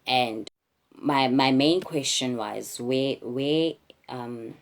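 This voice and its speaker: A woman's voice: a bass voice, drawn-out words. A young woman frankly retelling a personal ordeal, emotional and restarting often. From South Africa. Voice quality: husky. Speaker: vlogger. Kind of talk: candid storytime retelling.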